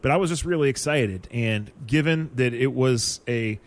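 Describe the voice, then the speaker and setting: Male co-host, animated storyteller, mid-pitched voice. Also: moderate pace. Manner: animated, laughs easily, acts out quotes. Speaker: podcast co-host. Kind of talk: casual storytelling chat.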